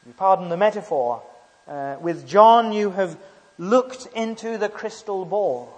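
A man preaching a sermon, emphatic and halting, often asking rhetorical tag questions. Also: high-pitched, animated, long reverb tail.

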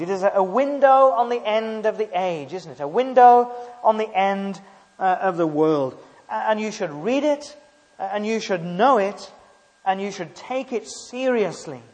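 Man, preacher, sermon, fairly high voice, long hall echo, emphatic, lots of hesitations. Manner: emphatic, rhetorical tag questions, frequent hesitations.

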